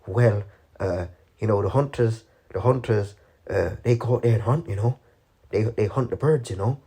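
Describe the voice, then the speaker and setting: A man imitating an old Irish farmer with a loose Irish accent and a slight whistle in his voice, giving a gentle warning. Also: on the low side, moderate pace, breathy edge. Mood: explaining.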